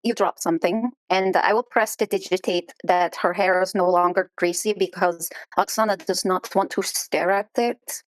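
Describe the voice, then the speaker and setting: A woman's voice: fairly low pitch, fairly even intonation, normal speed, hardly any pauses, rough recording. A woman playing a tabletop game who chattily describes what her character does, with plenty of fillers. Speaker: player.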